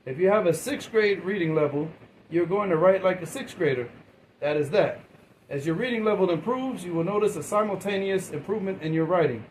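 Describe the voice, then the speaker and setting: A man's voice: sits high, animated, fairly quick, a little hiss or hum, low-quality recording. Man teaching a class, asking questions. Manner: asks the class questions and waits for answers; repeats and restarts words, informal. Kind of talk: classroom lecture with questions to students.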